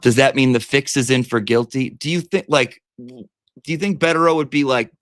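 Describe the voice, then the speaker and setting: A man's voice: normal speed, fairly bright tone, no echo, clean studio sound. Chatty profane man. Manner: chatty, profane, swinging emotional pitch. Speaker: livestream host. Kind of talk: casual livestream chat.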